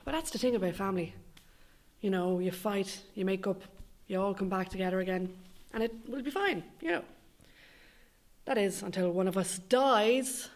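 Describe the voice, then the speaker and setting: This is a comedic monologue from a young adult woman from Ireland, delivered from a script with plenty of cursing, dry sarcasm and wandering tangents. Her pitch is mid-range, her pace moderate, and she pauses frequently.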